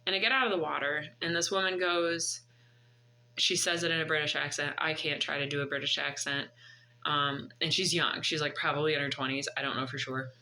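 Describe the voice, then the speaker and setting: A woman's voice: sits low, fairly even intonation, brisk, bright, forceful tone, rough recording. A woman in her thirties telling a personal story in a vlog, earnest and reflective. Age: 30s. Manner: earnest, reflective, faith-driven. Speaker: vlogger.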